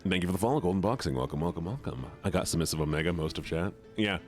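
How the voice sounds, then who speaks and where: Deep-voiced and racing along over faint background music, a man plays a game on a live stream. He rambles playfully with his audience in casual chatter, repeating words often.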